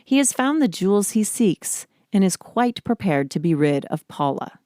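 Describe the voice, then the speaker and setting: A woman podcast host giving scripted narration in a measured, deliberate way. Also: mid-range voice, big pitch swings, darkish tone, no room sound, studio quality.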